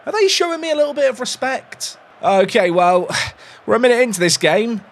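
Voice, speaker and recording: A man's voice: very high voice, lively intonation, fairly quick. A man giving casual, analytical commentary on a football management game as he plays, chatty and a little self-deprecating. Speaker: gaming YouTuber.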